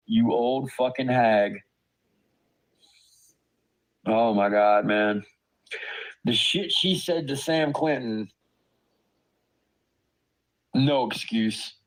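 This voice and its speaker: An adult father streaming to his audience rants angrily about online drama, swearing hard and stammering in disbelief. His voice sits in the mid range, and the audio quality is poor.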